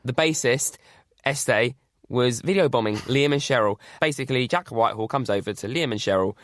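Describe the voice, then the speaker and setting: A man hosting his own podcast, chatting casually and peppering his talk with "like". His voice sits in a middle pitch. The recording is close and dry. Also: normal speed, fairly bright tone, no echo. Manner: chatty, says "like" often. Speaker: podcast host. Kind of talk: casual chat.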